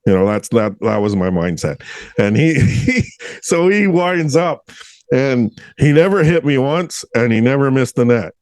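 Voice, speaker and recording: A man hosting a casual interview podcast, relaxed and self-deprecating, telling his own hockey anecdote. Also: mid-range voice, unhurried, no echo. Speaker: podcast host. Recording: dry close sound.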